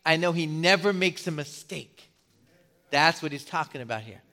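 A middle-aged man preaching a sermon as a pastor, putting questions to the congregation and pausing for effect. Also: on the high side, lively intonation, sharp tone.

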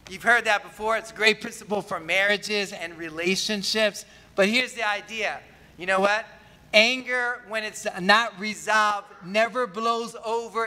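A man's voice: high-pitched, bright, forceful tone, in a large hall. A man preaching a sermon as pastor, talking in a conversational way and often asking the congregation questions.

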